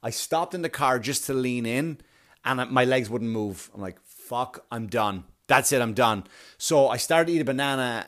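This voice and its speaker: A man telling a story in a casual monologue, animated and self-mocking, with a lot of swearing. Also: mid-range voice.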